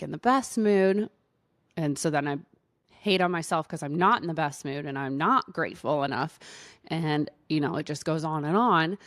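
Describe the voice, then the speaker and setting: A woman with a low-pitched voice hosts her own podcast as a doctor, telling a personal story. Her talk is loose and chatty, full of "like" fillers. The sound is dry and close, with no room around it. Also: dry recording. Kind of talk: casual storytelling monologue.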